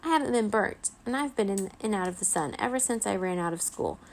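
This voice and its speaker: A woman's voice: mid-range voice, lively intonation, fairly quick, a little hiss or hum, natural voice, poor audio. A woman doing an earnest young boy vampire. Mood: determined.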